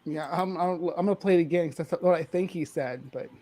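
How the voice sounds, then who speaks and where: Giggly, teasing stream host, middle pitch. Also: fairly quick, mellow. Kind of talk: casual live-stream chat.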